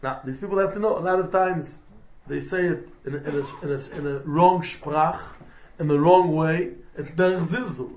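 This Torah lecture comes from a rabbi whose voice sits on the high side, a bit mellow, at an ordinary pace, with slight hiss or hum. He teaches halacha step by step, explaining in English laced with Hebrew and Yiddish terms.

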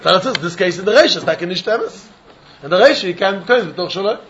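High animated man teaching. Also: very fast, muffled recording, slight background noise. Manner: acts out both sides of a dispute in first person. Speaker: Talmud teacher. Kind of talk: animated Talmud lecture.

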